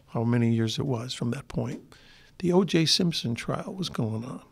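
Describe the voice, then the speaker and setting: An older man from Chicago, a guest actor in a relaxed interview, tells long, rambling anecdotes full of restarts. His voice sits on the high side and is expressive and a little fast, with vocal fry and a breathy edge.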